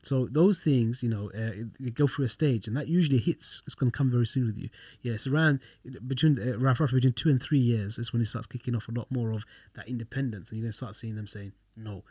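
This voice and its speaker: Fast-talking man, dry close sound. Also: medium pitch, a little mellow, slightly rough, no echo. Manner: explaining and reassuring, like an experienced father. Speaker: podcast co-host. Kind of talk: casual chat.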